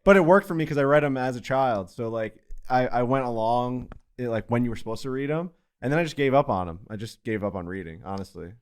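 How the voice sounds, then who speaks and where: Man, podcast host, casual chat, rapid talker, rambling, excitable, mid-pitched. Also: clear, resonant tone. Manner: rambling, excitable storytelling with lots of fillers.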